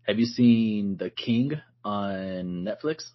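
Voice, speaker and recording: A man co-hosting a podcast in casual chat, relaxed and loose, says "like" a lot and laughs often. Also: fairly low pitch, slow, muffled recording. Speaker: podcast co-host.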